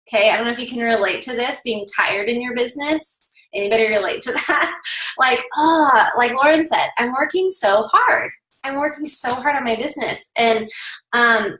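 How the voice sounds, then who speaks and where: A woman in her thirties leading her team on a video call, telling a story with lively energy and talking straight to her listeners. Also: on the high side, echoey room, poor audio. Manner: animated storytelling, addresses listeners directly. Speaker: team leader.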